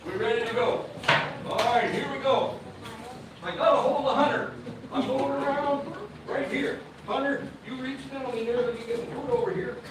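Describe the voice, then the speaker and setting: High-voiced folksy man announcing a draw. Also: moderate pace. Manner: folksy, teasing, hands-on with a child. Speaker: event announcer drawing tickets. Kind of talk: jokey live announcing to a crowd. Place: outdoor event with crowd. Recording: echoey, far-off, loud crowd noise.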